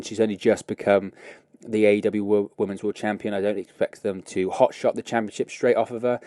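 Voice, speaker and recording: This man hosts a wrestling podcast, and his voice is fairly low with a darkish tone. The studio-quality recording is dry as he talks through his views in a loose, rambling manner, full of fillers and self-corrections.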